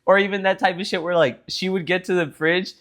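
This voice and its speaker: A young man co-hosting a podcast, telling an animated, profane story in casual chat. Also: sits high, fairly quick. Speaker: podcast co-host.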